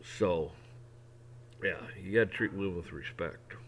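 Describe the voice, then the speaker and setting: A man's voice: sits low, measured pace, a bit bright, a little hiss or hum. A middle-aged man talking in a casual, folksy way, rambling through an opinion monologue with frequent restarts. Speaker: vlogger.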